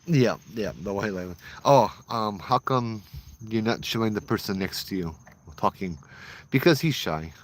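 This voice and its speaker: A man's voice: lowish voice, expressive, a little slow. A man casually telling ghost stories as host, chatty and using local slang. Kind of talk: casual storytelling.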